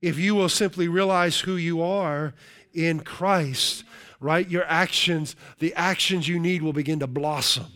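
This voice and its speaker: A man's voice: on the high side, fairly even intonation, a bit bright. Emphatic man preaching a sermon. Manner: emphatic preaching with drawn-out key words and frequent "right?". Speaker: pastor.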